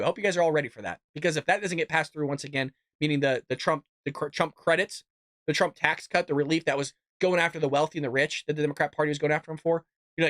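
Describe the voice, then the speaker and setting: A man's voice: fairly high pitch, fairly bright tone, no echo, clean studio sound. A man hosting a live political commentary show, ranting in a heated, exasperated way with frequent restarts.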